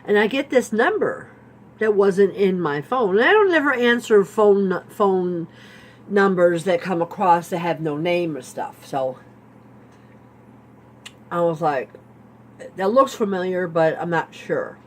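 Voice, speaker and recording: A woman's voice: lowish voice, expressive, unhurried, slight background noise. Rambling woman telling a storytime tale. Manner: rambling, repetitive, lots of "like" and "you know". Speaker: vlogger telling a personal story. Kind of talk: storytime vlog.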